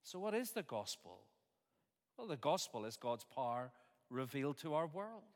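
A man preaching a sermon in an earnest, measured way, with homely asides. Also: medium pitch, sing-song. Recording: long reverb of a large hall.

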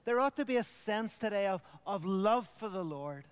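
A man's voice: sits high, lively intonation, moderate pace, clean tone, long reverb tail. A middle-aged man preaching a communion sermon, earnest, dropping to a near whisper at tender points. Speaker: pastor.

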